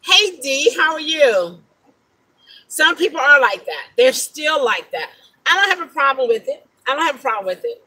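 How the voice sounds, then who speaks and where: A middle-aged woman speaks in a slightly husky, breathy voice that sits a little high for a woman. She has an African-American English accent and tells her stories to the camera in a loose, animated way, her disbelief plain in how she says things. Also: poor audio. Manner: animated, incredulous storytelling. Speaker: rideshare driver vlogger. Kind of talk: casual talking-to-camera vlog.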